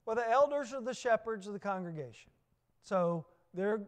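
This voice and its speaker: A man with a Southern US accent preaching a sermon, emphatic, with repeated phrases and rhetorical questions. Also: sits high.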